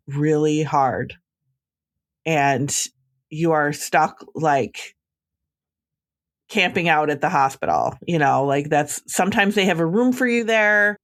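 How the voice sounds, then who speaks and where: A female podcast host gives advice in a casual conversation, sounding chatty and reassuring and using plenty of "like" fillers. Her voice is low-pitched.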